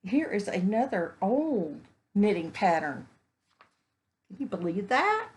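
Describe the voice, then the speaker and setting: A woman's voice: mid-range voice, sing-song, slow pace. A woman, chatting casually while unboxing crafts at home, gushing and exclaiming over each find. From Texas. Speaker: vlogger. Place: home indoors, evening.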